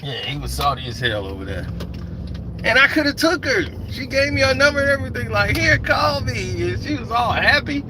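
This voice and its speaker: Animated man telling a story outdoors. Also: a little fast, background noise. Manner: animated, acts out quoted voices in higher pitch. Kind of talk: casual storytelling.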